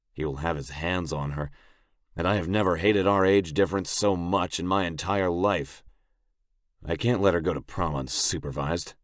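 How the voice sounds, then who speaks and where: A man reading a first-person audiobook narration in a gruff, blunt, brooding manner, close on the mic. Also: low voice, no echo.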